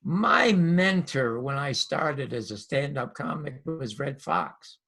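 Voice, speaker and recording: A man's voice: a little high, slow pace, creaky, husky. An older man, a former comedian and TV host, telling stories in an interview and acting out the dialogue. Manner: lively anecdotal storyteller, acts out dialogue. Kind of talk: animated storytelling interview.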